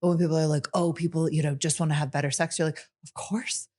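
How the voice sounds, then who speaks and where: A woman's voice: low voice, flat delivery, racing, darkish tone. A woman hosting a podcast, talking with enthusiasm, often saying "like" and laughing easily. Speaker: podcast host. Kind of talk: casual podcast conversation.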